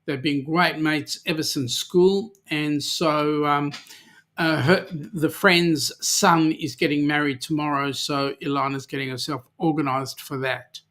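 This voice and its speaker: An Australian man hosts a live chat, reading out viewers' comments in a casual, rambling way full of ums. His voice sits a little high for a man and sounds bright. He talks slowly and easily. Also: steady tone. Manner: chatty, warm, many ums, reads viewer comments aloud. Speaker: livestream host.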